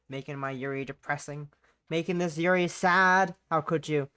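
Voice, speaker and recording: A woman with a fairly low voice chats casually through a game stream. She reacts with loud, mock-outraged bursts and plenty of swearing. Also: moderate pace, clean tone.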